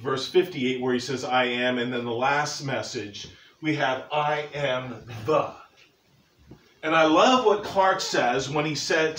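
An older man preaches to his congregation, folksy and earnest, slipping in joking asides. His voice sits a little high and rings through a roomy church sanctuary. The mic is some distance away, with faint room noise behind him. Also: fairly bright tone. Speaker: pastor. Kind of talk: sermon. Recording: echoey church from far off.

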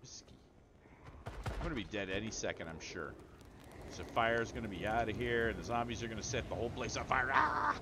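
A man's voice: lowish voice, brisk, pauses often, noisy background. A man streaming a multiplayer game live, talking to his chat and friends, exclaiming and laughing as he plays. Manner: excitable, exclaiming and laughing often. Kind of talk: live gameplay commentary.

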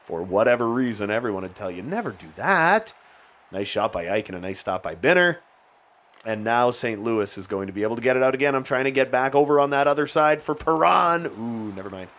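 A man talks through his hockey video game session in a loose, chatty way, laughing now and then. His pitch sits in the middle range, and at big plays his voice jumps up into shouts. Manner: excitable, shouts at big plays, chuckles often. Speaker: gaming YouTuber. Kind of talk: let's-play commentary.

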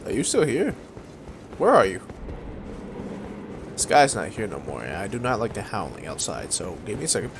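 A young man giving casual, excitable, slangy commentary while playing a game, talking straight to the enemies he fights. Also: fairly low pitch, normal speed, pauses often, noisy background. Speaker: gaming video creator. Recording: voice over game music.

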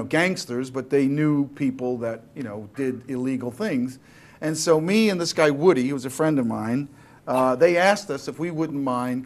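A man telling a rambling anecdote as a game show contestant, hesitant and laughing. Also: medium pitch. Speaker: celebrity contestant.

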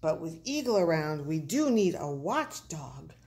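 A woman's voice: deep voice, big pitch swings, measured pace, darkish tone, voice pushed down. A woman voicing a young male prairie dog in a storybook, earnest and pleading with his friends. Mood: calm. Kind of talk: storybook read-aloud.

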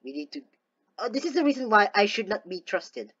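A woman giving casual gameplay commentary, talking to herself excitedly and slipping into playful theatrical gloating. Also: mid-range voice, brisk, muffled recording. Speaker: gaming video host.

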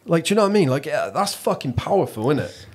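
A man's voice: a little high, sing-song, fast talker, darkish tone. An English man hosting a podcast, telling an anecdote in casual chat with lots of swearing. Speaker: podcast host.

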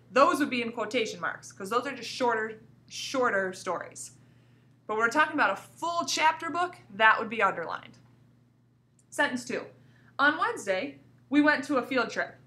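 A woman teacher walks young pupils through a recorded grammar lesson, her slightly high voice bright and ringing. She reads example sentences with deliberate, exaggerated pauses and keeps asking the class coaxing questions, her pitch swinging widely as she goes. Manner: lively, coaxing questions to students. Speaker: elementary school teacher.

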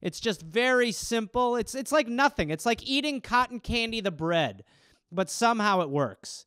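High, lively-voiced riffing man. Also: normal speed, smooth, no echo, studio quality. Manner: rambling, profane, riffing. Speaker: comedian podcast host. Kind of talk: casual comedic monologue.

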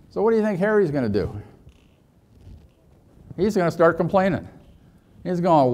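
A man's voice: fairly high pitch, sing-song, normal speed, pauses often, a little mellow. A man leading a leadership training session, telling a parable and asking the audience questions. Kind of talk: workshop talk with a parable.

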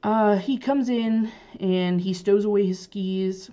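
A woman teacher with a warm, medium-pitched voice speaks slowly as she casually recaps a play for her students. She is chatty and loose, paraphrasing lines freely with lots of fillers, and the recording is dull and lo-fi.

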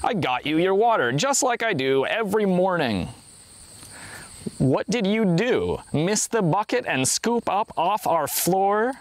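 A man's voice: on the high side, big pitch swings, measured pace. A man playing a flustered old blind man. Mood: protesting. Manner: protesting, exclaiming. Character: confused old blind man, defensive and fretful.

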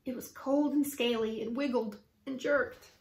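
A woman teacher reading a children's book aloud with lively, expressive storytelling. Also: fairly high pitch, unhurried. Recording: roomy echo.

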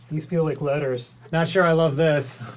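Guy goofing around in a party game, laughs a ton, talks slow, noisy background. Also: a little high, steady tone. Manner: laughs a lot, playful and self-mocking. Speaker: co-host. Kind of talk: casual party-game banter.

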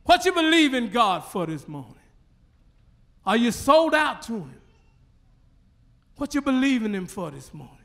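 High, bright-voiced Southern preacher man. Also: sing-song. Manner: preaching with rising call-and-response fervor, drawn-out phrases. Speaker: pastor. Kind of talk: sermon. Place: church sanctuary.

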